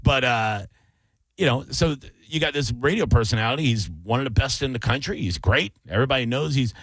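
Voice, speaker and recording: A man hosting a radio talk show, ranting casually and jumping into loud, high yells. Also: brisk, no echo. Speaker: radio host. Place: radio studio.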